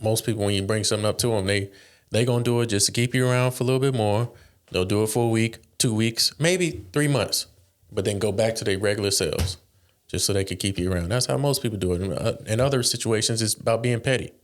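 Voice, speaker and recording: A man co-hosting a podcast in casual chat, telling animated stories, acting out quoted lines and laughing often. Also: fairly low pitch, quick pace. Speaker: podcast co-host.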